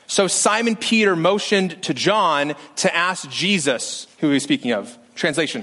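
A male pastor preaching a sermon, animated and lively, acting out quotes from scripture with shifts in pitch. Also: normal speed, hardly any pauses.

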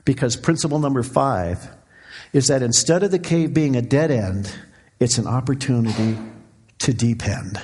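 A middle-aged man preaching a sermon as pastor, swinging from quiet, low passages to fervent, raised cries. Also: moderate pace, breathy edge.

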